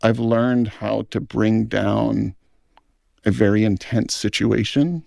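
A man's voice: fairly low pitch, fairly even intonation, takes it slowly, creaky, darkish tone, no room sound, clean studio sound. A middle-aged man, a film director, speaking in an earnest, thoughtful interview. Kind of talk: reflective interview talk.

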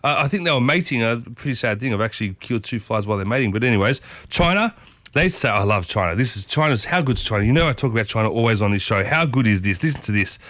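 A man's voice: mid-range voice, lively intonation, fast, fairly bright tone, dry recording. A man hosting a breakfast radio show in a studio, chatting casually to listeners and repeating pet phrases. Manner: chatty, repeats "I'll tell you what", addresses listeners as folks. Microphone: studio microphone.

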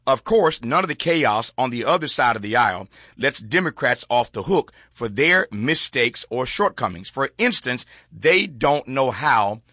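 A man's voice: medium pitch, sing-song, measured pace, pushed and bright, no room sound, clean studio sound. Folksy man hosting political talk. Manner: reads aloud then riffs, folksy and chuckling. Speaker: host.

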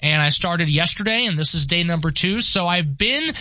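A man's voice: high-pitched, expressive, normal speed, pushed and bright, dry recording. A young man in his twenties with a thick Long Island New York accent, chatting enthusiastically on a radio talk show as the new newsman. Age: 20s. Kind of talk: casual radio chat.

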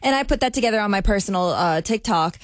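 A woman's voice: mid-range voice, lively intonation, quick pace, no echo. A woman co-host telling a story in casual radio chat.

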